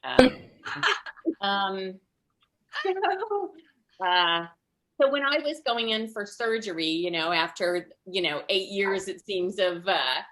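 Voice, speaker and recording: Bright-voiced older woman telling comic stories. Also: medium pitch, slow pace, pauses often. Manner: animated storyteller, acts out voices, laughs often. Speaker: stand-up comedian. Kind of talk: stand-up comedy storytelling. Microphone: video call.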